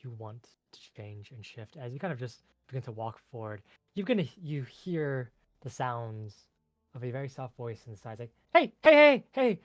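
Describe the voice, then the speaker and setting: A man's voice: mid-range voice, moderate pace, darkish tone, no room sound. Chatty man narrating as game master. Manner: loose and chatty, with fillers.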